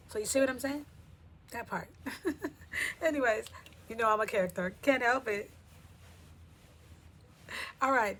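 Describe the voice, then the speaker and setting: A woman's voice: fairly high pitch, expressive, measured pace, long pauses, a bit bright, slight background noise. A woman vlogger talking casually to camera, chatty and playful. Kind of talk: casual talk to camera with skits.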